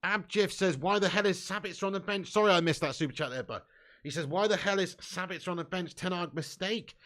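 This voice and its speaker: Man, high voice, football watch-along host, sweary banter, chatty. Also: fast, a bit bright. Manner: chatty, often adds "mate" and "bud". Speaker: fan channel host reading live chat. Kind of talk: live match watch-along commentary.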